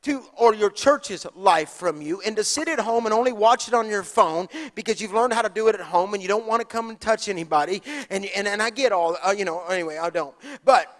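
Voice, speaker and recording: A man preaching a sermon, moving from hushed asides to shouted, passionate lines. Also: high voice, fairly quick, few pauses. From Texas. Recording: long hall reverb.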